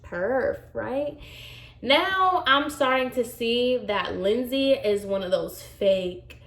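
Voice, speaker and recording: A woman's voice: a little high, takes it slowly, a bit bright, roomy sound. Sassy, chatty woman hairstylist. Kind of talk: storytime vlog.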